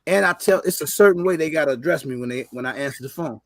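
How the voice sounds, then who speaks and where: Gravelly-voiced man, blunt podcast host. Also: on the high side, fast talker, dry recording. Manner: blunt and emphatic, with slang. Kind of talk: casual chat.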